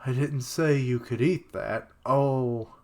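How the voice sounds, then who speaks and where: A man's voice: mid-range voice, takes it slowly, darkish tone. A young man streaming a live reaction to a manga chapter, thinking aloud with rambling fillers and sudden outbursts. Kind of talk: live reaction, casual commentary.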